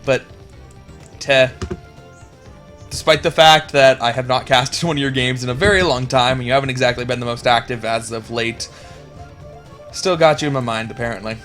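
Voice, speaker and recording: A young man casting a video game match, rambling and chatty, getting excited at big plays. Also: mid-range voice, normal speed, long pauses, faint music behind. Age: young adult. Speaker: game caster. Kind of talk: casual esports commentary.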